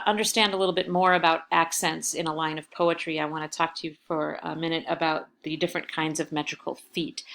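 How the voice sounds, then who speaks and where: A woman teacher talks through her lecture slides at a patient, explaining pace. Her voice sits low and has a gravelly edge. She often pauses on small fillers as she goes. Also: a bit bright. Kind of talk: recorded lecture over slides.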